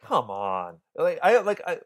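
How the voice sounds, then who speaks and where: A man's voice: on the high side, sing-song, a little slow. A man co-hosting a film podcast, chatting casually and animatedly, with many restarts and some swearing. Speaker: podcast co-host. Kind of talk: casual film review chat.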